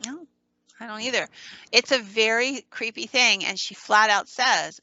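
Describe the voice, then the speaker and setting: A woman hosting a podcast, retelling a story with quoted dialogue, pausing with ums and restarting sentences. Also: mid-range voice, fairly even intonation, gravelly, pushed and bright, no room sound, highs cut off. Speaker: podcast host. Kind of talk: casual storytelling.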